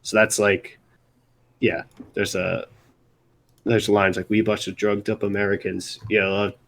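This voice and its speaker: A man's voice: on the low side, little pitch movement, vocal fry, fairly bright tone. A young man from Baltimore chatting casually on a live stream, rambling and restarting his sentences. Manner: rambling, halting, many restarts. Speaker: music segment host.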